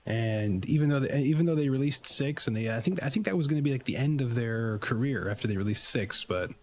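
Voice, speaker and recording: A man's voice: mid-range voice, expressive, a little fast. A man co-hosting a podcast, talking in a laid-back way with hesitant restarts. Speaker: podcast co-host. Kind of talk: casual wrestling chat.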